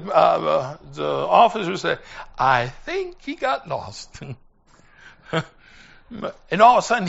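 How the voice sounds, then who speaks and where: A man preaching a sermon full of storytelling, animated, rising to shouts and slowing for emphasis. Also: sits high, creaky. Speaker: missionary preacher. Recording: dull lo-fi recording.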